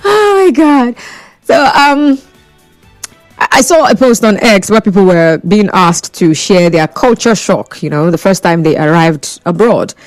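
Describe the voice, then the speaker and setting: A woman's voice: medium pitch, expressive, measured pace, no echo, soft background music. A Nigerian woman hosting a phone-in radio talk show, chatty and teasing, often laughing.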